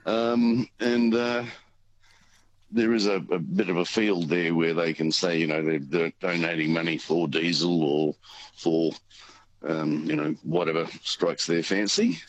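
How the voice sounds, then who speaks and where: A middle-aged Australian man on talkback radio, easygoing and halting with lots of ums. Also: low-pitched, steady tone, dull audio. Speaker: caller and station volunteer.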